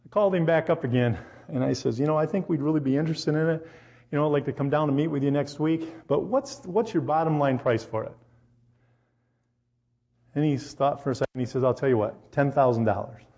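The preacher, a man whose voice sits on the high side, speaks briskly to a congregation gathered in a church hall. He tells personal anecdotes animatedly and confronts listeners directly with questions. High frequencies are missing from the recording.

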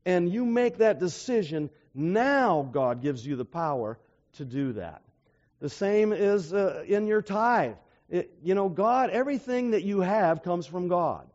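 A man preaches a sermon, repeatedly asking his listeners rhetorical questions and retelling stories with emphasis. His voice sits high with big pitch swings, unhurried and darkish in tone, captured on a dull lo-fi recording.

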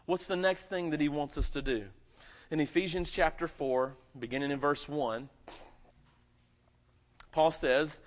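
A male pastor delivering a sermon, his fairly high voice rising to loud emphatic peaks and dropping to hushed asides. The recording sounds dull and muffled. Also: measured pace, pauses often. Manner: animated preaching with dramatic swings in pitch and volume.

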